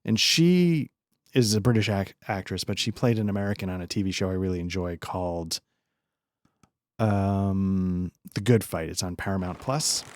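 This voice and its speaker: A man's voice: deep voice, normal speed, no echo, studio quality. A man hosting a let's play, chatting casually and rambling through self-deprecating asides while he games. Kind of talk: casual commentary while gaming.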